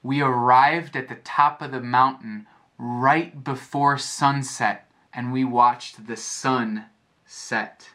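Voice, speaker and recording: American guy teaching english, talks real slow and clear, repeats stuff, mid pitch. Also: steady tone, pushed and bright. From United States. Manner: slow, clear, repeats phrases and explains them. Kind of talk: slow storytelling lesson for learners.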